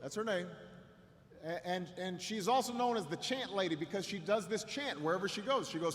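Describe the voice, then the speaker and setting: Speaking in a big hall whose long echo trails every phrase, a middle-aged candidate delivers a storytelling campaign speech at a rally. His voice is high-pitched and animated, and he repeats himself haltingly before climbing slowly to a shout. Faint noise sits under the sound.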